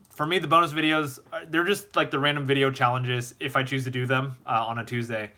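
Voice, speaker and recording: A man's voice: mid-range voice, steady tone, brisk, few pauses, bright, forceful tone. A man hosting a live stream Q&A, giving casual advice and reading chat messages aloud, rambling with fillers and repeated words. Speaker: host.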